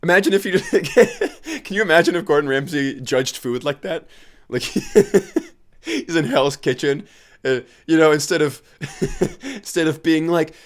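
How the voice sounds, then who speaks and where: A tired man talks alone into his podcast mic, drifting from one tangent to the next. He mocks himself and laughs at his own jokes, and his pitch jumps around animatedly. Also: huge pitch swings, a little slow. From United States. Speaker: podcast host. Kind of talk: casual solo podcast chat.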